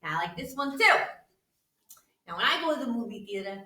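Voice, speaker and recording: A woman co-hosting a playful science lesson for kids, animated and teacherly, repeating key words. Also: a little high, a little fast. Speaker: co-host and science explainer. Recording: roomy sound from a distance.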